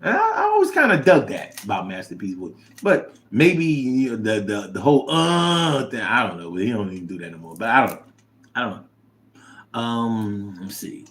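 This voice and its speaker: A man hosting a casual livestream, reading viewer comments aloud and reacting with animated, chat. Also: moderate pace. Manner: animated, drops to low mumble reading comments.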